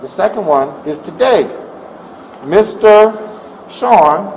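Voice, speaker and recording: A man in his fifties arguing insistently with police, repeating himself and rising to shouts, caught on a body camera. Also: high-pitched, expressive, slow pace, a little hiss or hum. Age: 50s. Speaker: complaining building occupant. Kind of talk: heated argument with police. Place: indoor building office. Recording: echoey body camera audio from a distance.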